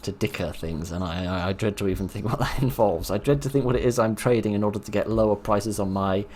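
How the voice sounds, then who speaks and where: Young-adult let's player, self-mocking and dry; low voice at a desk mic. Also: male voice, fast talker, a little mellow. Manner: wry, self-mocking, chuckling. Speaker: let's play host. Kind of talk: gaming commentary.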